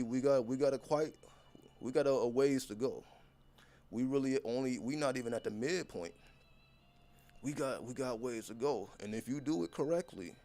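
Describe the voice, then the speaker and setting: A content creator addresses his audience head-on in an off-the-cuff motivational rant, blunt, intense and full of swearing. His voice is medium in pitch and a little mellow.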